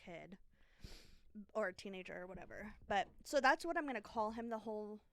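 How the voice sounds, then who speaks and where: A woman's voice: mid-range voice, expressive, fairly quick, vocal fry, fairly bright tone. A woman co-hosting a podcast, casually telling a true crime story with lots of fillers and self-deprecating asides. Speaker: podcast co-host.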